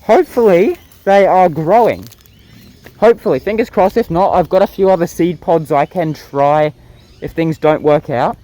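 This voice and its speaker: A man's voice: fairly high pitch, normal speed, mellow, rough recording. A young man, chatting casually outdoors in a gardening vlog and laughing often between phrases. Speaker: vlogger. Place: outdoors in the bush by a creek.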